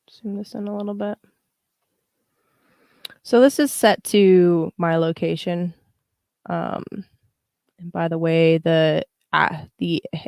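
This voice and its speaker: Young woman, low-ish voice, relaxed livestream astrologer, chatty, dry close mic. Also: no echo. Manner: chatty, greets live viewers, frequent fillers. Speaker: astrologer and tarot livestream host. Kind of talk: casual livestream chat explaining astrology.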